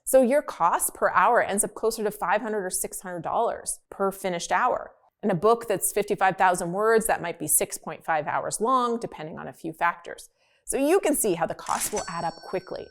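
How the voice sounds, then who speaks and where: A woman hosts an explainer video in a casual, upbeat manner. Her voice sits at an ordinary middle pitch, and she leans on key words with emphasis. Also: lively intonation, normal speed. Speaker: host.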